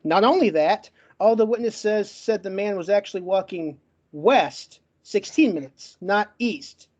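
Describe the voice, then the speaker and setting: A man with a stutter giving a brisk, emphatic closing argument as a guest in an online debate, listing facts one after another. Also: sits high, a little mellow, dull audio. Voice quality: stutters, gets stuck on words.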